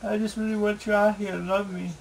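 A man recording a video diary at home on a camera mic, pleading and repeating himself in halting, emotional speech. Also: high-pitched, level tone, gravelly, a little hiss or hum, rough recording. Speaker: video blogger.

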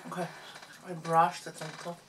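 A woman's voice: lowish voice, monotone, normal speed, background noise. A woman co-hosting a family eating show at home, chatting casually and explaining cooking tips between bites. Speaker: mukbang co-host.

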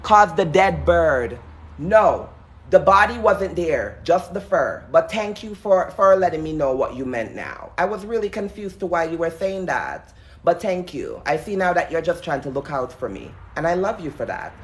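A man's voice: fairly high pitch, very animated, normal speed. A man with a lisp, chatting to his viewers while exploring an abandoned building outdoors. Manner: chatty, addresses viewers directly, nervous asides. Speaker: paranormal vlogger. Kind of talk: casual livestream talk to viewers.

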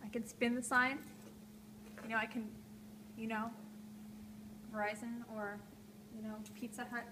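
A woman's voice: a little high, little pitch movement, unhurried. A woman hosting a live call-in art show from a gallery, talking in a playful, rambling way that often trails off. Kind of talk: live stream chat while drawing. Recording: noisy live stream room.

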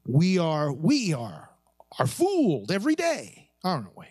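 A priest preaching at a conference, emphatic and preacherly, asking rhetorical questions and repeating key phrases. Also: male voice, fairly high pitch, huge pitch swings, a little slow, darkish tone, breathy edge, no room sound, clean studio sound. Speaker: priest addressing a pro-life conference.

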